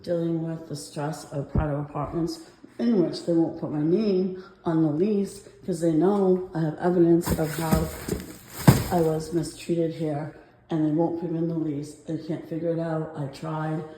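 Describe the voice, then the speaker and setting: A woman's voice: deep voice, fairly even intonation, moderate pace, mellow, reverberant, a little hiss or hum, low-quality recording. A woman talking to her phone camera in a rambling, anxious way, out of breath, with nervous laughs. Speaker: vlogger filming her apartment complaints. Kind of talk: casual walking vlog.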